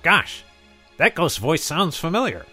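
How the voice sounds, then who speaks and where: A man's voice: on the high side, sing-song, measured pace, bright, forceful tone, soft background music, full character voice. A man voicing a cheery, wealthy, miserly politician cast as Scrooge, eager and a little pompous. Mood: chipper. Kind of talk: radio comedy sketch.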